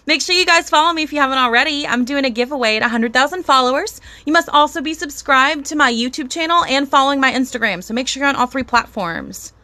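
An excitable, bubbly woman hosting a casual live stream from home, chatting to viewers and thanking them by name. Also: sits high, quick pace, hardly any pauses, no room sound. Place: at home with a dog.

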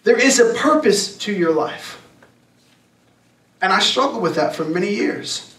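A young adult man giving a youth sermon, talking casually and emphatically and slowing down to read scripture. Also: high voice, lively intonation, pushed and bright. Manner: emphatic, conversational preaching with slowed scripture reading. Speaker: youth pastor. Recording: echoey room, distant mic.

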